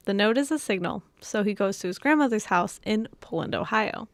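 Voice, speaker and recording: A woman's voice: mid-range voice, animated, brisk, dry recording. Woman telling a story on a podcast. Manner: laughing often, narrating a story from notes.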